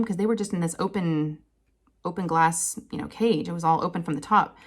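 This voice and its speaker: A woman, chatting casually to her viewers and telling an animated family story with frequent laughter. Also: fast talker. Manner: chatty, animated, laughs often, quotes people in higher voices. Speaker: crafting channel host.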